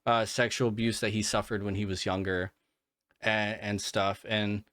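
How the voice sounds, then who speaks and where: A man's voice: lowish voice, flat delivery, normal speed, a bit bright, dry recording, clean studio sound. A man hosting a solo podcast while sick and worn out, rambling and swearing with many restarts and fillers. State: sick and fatigued, yawning. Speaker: podcast host. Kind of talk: casual solo podcast monologue.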